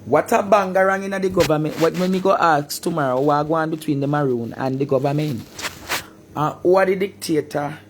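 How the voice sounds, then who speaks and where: A man from Jamaica with a Jamaican accent, ranting animatedly on a live stream, repeating words and bursting into shouts. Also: fairly high pitch, fairly quick, slight background noise. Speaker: social media personality.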